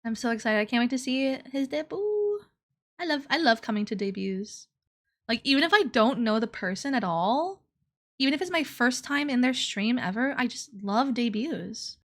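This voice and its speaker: Young woman streamer, high bright voice, giggly, loud and excitable chat. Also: moderate pace. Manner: laughs often, excitable and loud. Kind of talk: casual livestream chat.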